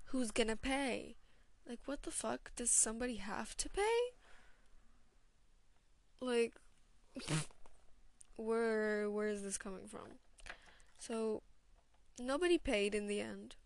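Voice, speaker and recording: A woman's voice: on the high side, gravelly. A young woman telling a school story in a casual, chatty way, swearing often and sometimes dropping into a whisper. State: voice feels off today. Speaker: student vlogger.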